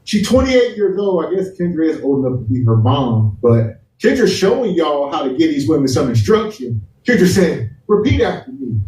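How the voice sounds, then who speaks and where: A man's voice: on the high side, big pitch swings, normal speed, dark tone, slight background noise. A man talks in an insistent, slangy way during casual commentary. His voice is a little raised. He sounds somewhat distant, with room echo and faint background ambience.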